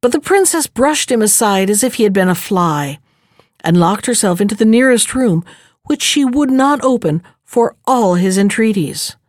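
A woman reading a fairy tale aloud in measured, even narration. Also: medium pitch, dry recording, clean studio sound. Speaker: storyteller.

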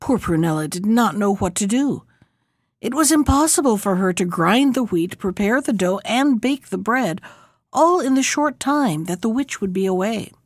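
A woman reading a fairy tale aloud in an expressive, measured storybook manner. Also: mid-range voice, no room sound, clean studio sound.

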